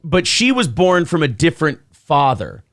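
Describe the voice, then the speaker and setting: A man in his forties hosting a casual morning show, telling a long deadpan joke full of fillers and reading out chat comments. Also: a little high, normal speed, dry recording, clean studio sound.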